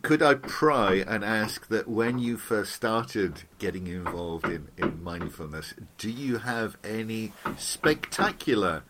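A man hosting a podcast, asking his guest questions in a measured, polite way. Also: on the low side, lively intonation, background noise. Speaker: podcast host, interviewer.

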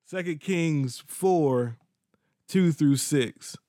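A man's voice: on the high side, extremely slow, warm tone, no room sound, clean studio sound. A man preaching a podcast sermon, repeating phrases for emphasis and breaking into sudden whoops and exclamations.

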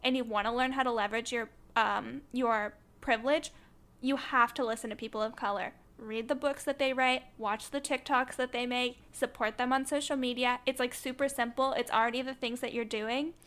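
A woman with a fairly high voice co-hosts a podcast in loose, casual discussion. She argues her points earnestly and with conviction, dropping "like" and "um" as she goes. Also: fairly even intonation, normal speed, a bit bright. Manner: opinionated, earnest, frequent "like" fillers. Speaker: podcast co-host.

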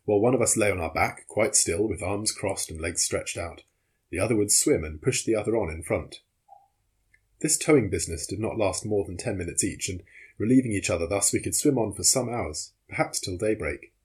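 Low husky guy reading an audiobook, steady and measured. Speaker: audiobook narrator. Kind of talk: scripted narration.

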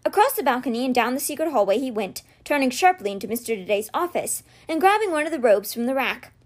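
A woman reading a children's novel aloud in a steady, gentle storytelling manner. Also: sits high, fast. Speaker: read-aloud podcast host.

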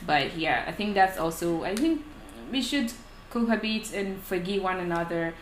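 A woman's voice: fairly low pitch, moderate pace. Chatty woman in an echoey room. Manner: animated, acts out quoted exchanges. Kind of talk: casual chat. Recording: echoey room with faint noise.

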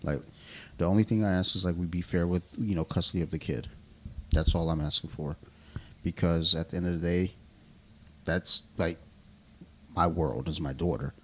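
A man with a notably low voice chats casually on a podcast, swearing freely and laughing through his stories. He talks loosely, circling back and restarting as he goes. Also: moderate pace, long pauses, a bit bright. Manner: loose, profane, laughing storyteller. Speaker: podcast co-host. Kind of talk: casual chat over beers.

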